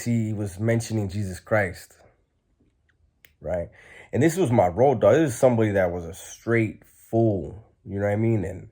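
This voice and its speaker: A man's voice: fairly low pitch, a little mellow. A man telling a story in a casual, blunt, streetwise way, with lots of fillers.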